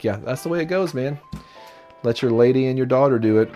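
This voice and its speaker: A man's voice: mid-range voice, fairly quick, warm tone. A middle-aged man hosting a casual live stream, chatty and openly sentimental, reading viewer comments aloud and answering them. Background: faint lo-fi music.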